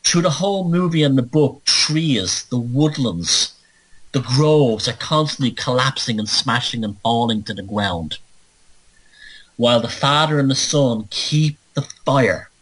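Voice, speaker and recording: A man's voice: medium pitch, animated, unhurried, a bit bright, husky, poor audio. A man hosting a monologue podcast, ranting emphatically with sardonic, playful asides. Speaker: show host.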